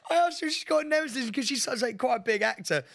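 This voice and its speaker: A podcast co-host with a bright, lively voice that swings high and low as he spins anecdotes, laughing often. He sounds close and dry on a studio mic, with no room sound. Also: rapid-fire, creaky, no room sound. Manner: laughs often while telling animated anecdotes. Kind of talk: casual chat.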